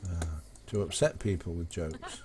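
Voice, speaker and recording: A man's voice: sits low, normal speed, a crowd in the background. A man chatting casually on a live game stream, telling jokes in a rambling, hesitant way with many fillers.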